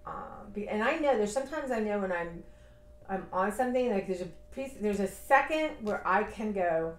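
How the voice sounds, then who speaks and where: A woman's voice: medium pitch, lively intonation, moderate pace, reverberant. A woman in her fifties in a casual personal vlog, talking in a rambling, reflective and heartfelt way. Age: 50s. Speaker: vlogger.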